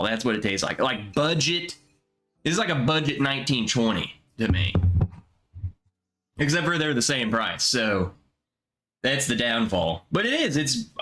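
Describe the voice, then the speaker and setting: A young man hosting a casual livestream, tasting bourbon and chatting as he reads viewer comments, relaxed and musing. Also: mid-range voice, a little slow, long pauses, soft background music. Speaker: livestream host. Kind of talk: casual live chat reading comments.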